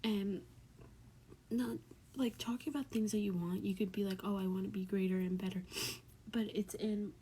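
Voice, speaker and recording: A young woman giving an earnest, heartfelt Bible study talk, often speaking softly. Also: medium pitch, steady tone, normal speed, pauses often. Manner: earnest, emotional, often soft and breathy. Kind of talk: casual devotional talk. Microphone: tablet mic.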